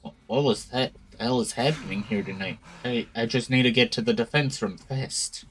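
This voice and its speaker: A man's voice: mid-range voice, moderate pace, fairly bright tone, breathy edge, low-quality recording. A male streamer reading a visual novel aloud, narrating and reacting with startled questions.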